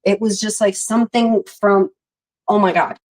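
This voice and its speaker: Young woman, chatty co-host, animated storyteller who acts out dialogue. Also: medium pitch, normal speed, poor audio. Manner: animated storyteller acting out quotes. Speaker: podcast co-host. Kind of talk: casual chat.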